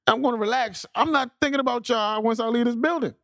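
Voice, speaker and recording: Fast-talking, laid-back man in casual chat. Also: very high-pitched, gravelly, fairly bright tone, no room sound, clean studio sound. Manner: laid-back, profane, talks in quick bursts with restarts. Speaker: podcast co-host.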